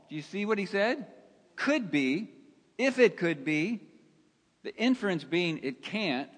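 A male pastor preaching a sermon, slow and emphatic, asking his listeners rhetorical questions. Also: high-pitched, expressive. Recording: long hall reverb.

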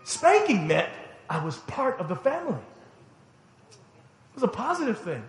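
A man's voice: very high-pitched, very animated, a little slow, reverberant, a little hiss or hum. A middle-aged man preaching a sermon, telling family stories emphatically and laughing along the way. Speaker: pastor. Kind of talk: sermon storytelling.

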